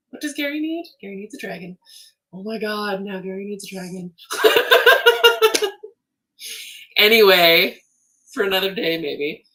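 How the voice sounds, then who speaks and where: A Canadian woman hosting a casual livestream from her home studio, reading viewer comments in a chatty, animated way with frequent laughs and ums. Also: mid-range voice, recorded from a distance. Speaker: livestream host, artist.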